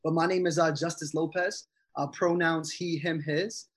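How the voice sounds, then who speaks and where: Young man, podcast guest, eager and chatty, somewhat high voice. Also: fairly even intonation, normal speed. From Connecticut, US. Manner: enthusiastic, many filler words. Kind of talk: casual interview chat.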